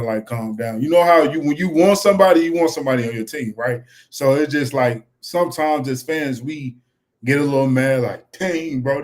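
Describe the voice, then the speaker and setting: A young man, chatting casually and animatedly as a fan-show co-host. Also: mid-range voice. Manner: animated, repeats "you know what I'm saying".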